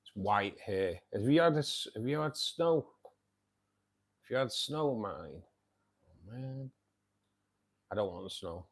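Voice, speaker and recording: Mancunian male streamer, lowish voice, friendly chatty delivery, reads out viewer comments. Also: expressive, takes it slowly, long pauses. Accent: Northern English, Manchester. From England. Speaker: live stream host. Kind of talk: casual live chat reading viewer comments.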